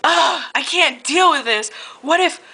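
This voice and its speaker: A woman reading the lines of a calm, reserved young male vampire in a fan story, close to her own voice and prone to giggles. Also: high voice, unhurried, voice pushed up, exaggerated voice, low-quality recording. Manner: read aloud, breaking into giggles.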